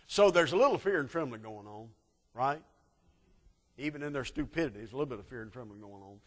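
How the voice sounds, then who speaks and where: A man preaching a sermon, telling a Bible story dramatically and swinging from loud peaks to hushed asides. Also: on the high side, breathy edge. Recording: long hall reverb.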